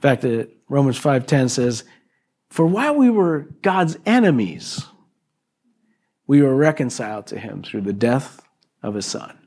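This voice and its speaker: A man's voice: mid-range voice, sing-song, measured pace, a little mellow. A male pastor preaching a sermon to a congregation, in a chatty style with frequent "okay" and "right?" asides, acting out quoted exchanges with his neighbor. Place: church service before a congregation.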